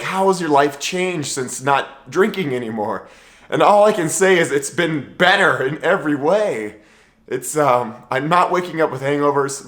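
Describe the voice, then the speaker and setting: A man talks openly into a self-recorded camera, his tone earnest and heartfelt. His delivery is casual, loose and unscripted, with everyday fillers and restarts. His voice sits at an ordinary middle pitch. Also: a bit bright. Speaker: vlogger. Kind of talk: candid personal monologue to camera.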